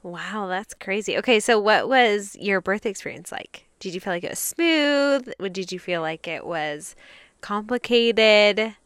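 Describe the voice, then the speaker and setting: A woman's voice: medium pitch, lively intonation, measured pace, a bit bright, clean tone, no room sound. A woman hosting an interview, asking probing questions and offering short encouraging replies. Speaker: host.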